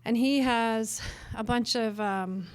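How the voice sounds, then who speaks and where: A middle-aged woman from northern Canada telling stories at a worship workshop, lively and self-mocking, with many fillers. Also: a little high, slow, smooth, no echo. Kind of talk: storytelling in a conference talk. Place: conference workshop room.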